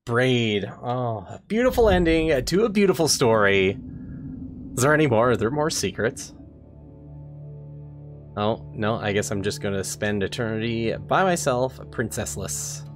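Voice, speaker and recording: A man hosting a let's play, reacting to the game aloud in an excitable, exclaiming, self-mocking way. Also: medium pitch, unhurried. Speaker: gaming channel host. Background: game music.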